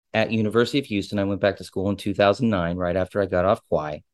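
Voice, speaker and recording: A ship captain telling a personal story in a casual, digressive and openly emotional way. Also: male voice, on the low side, a little mellow, dry recording, studio quality.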